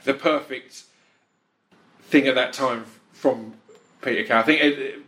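Halting male podcast host. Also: mid-range voice, steady tone, sharp tone. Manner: halting, restarts often, many agreeing yeahs. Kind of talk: casual interview chat.

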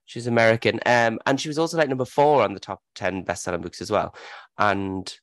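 A man co-hosting a podcast in casual, excitable chat and swearing freely. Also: lowish voice, fairly quick, no echo. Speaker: podcast co-host.

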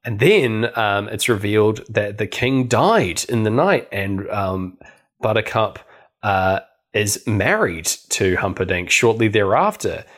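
A man's voice: fairly low pitch, expressive, a little slow, a bit bright. A man co-hosting a podcast, casually recapping a film with a chatty, laughing manner. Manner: chatty, laughing, lots of fillers. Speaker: podcast co-host.

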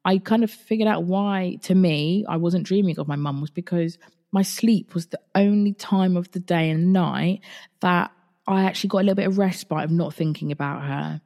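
A woman talks through her own podcast in a loose, candid way. She swears freely and often restarts her sentences. Her voice has a gravelly, creaky texture. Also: fairly low pitch, moderate pace, warm tone. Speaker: podcast host. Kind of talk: casual solo podcast talk.

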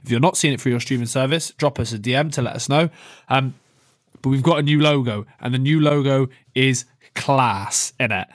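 This is a young man co-hosting a casual football podcast, his mid-range voice moving at a moderate pace. The recording is dry and studio quality, and he laughs, swears and trades jokey banter.

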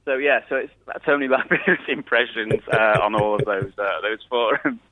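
A man's voice: mid-range voice, normal speed, no echo. A man chatting casually as an interview guest, swearing freely, heard down a phone line. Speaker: impressionist guest.

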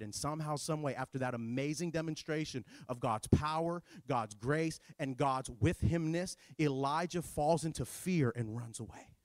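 Man, pastor, sermon, sarcastic, animated, high voice, dry close sound. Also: moderate pace, hardly any pauses, dry recording.

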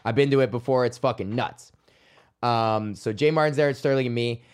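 A man's voice: medium pitch, a little fast, darkish tone, clear, resonant tone. A young man from Canada hosting a podcast, telling a rambling, profane story with frequent laughs. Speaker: podcast host. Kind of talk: casual monologue.

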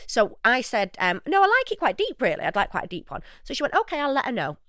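Woman co-host, young, higher voice, dry sound; animated storyteller who acts out the quotes. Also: fast, no echo. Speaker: podcast co-host. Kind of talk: casual chat, storytelling.

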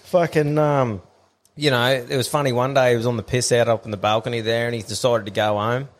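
A man's voice: medium pitch, steady tone, fairly quick, big-room sound. A young man co-hosting a podcast, telling a crude story with lots of swearing and laughter. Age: young adult. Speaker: podcast co-host. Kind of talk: casual podcast banter.

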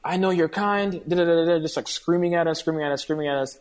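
A man's voice: on the high side, fairly even intonation, racing, darkish tone, smooth. A man telling a long personal story in casual conversation, earnestly acting out the dialogue of the people in it. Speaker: guest.

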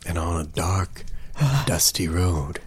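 A man drawing out a mock-scary tale at an unhurried pace, letting his pitch swoop widely for effect. His build-ups are deadpan and playful, typical of improvised comedy storytelling. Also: slightly rough. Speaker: storyteller host.

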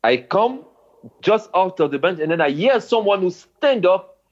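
A man, a former footballer, recounting his memories in an interview in halting non-native English. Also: high-pitched, sing-song. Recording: dull lo-fi sound.

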